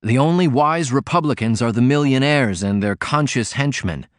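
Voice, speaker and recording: A man's voice: medium pitch, lively intonation, moderate pace, no room sound, studio quality, close to an everyday voice. A man reading as a defiant, cutting young working man. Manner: pointed, argumentative.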